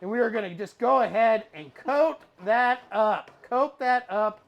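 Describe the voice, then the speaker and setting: A woman's voice: on the high side, measured pace, gravelly, dull audio. A woman hosting a casual cooking stream, playfully talking through each step as she cooks.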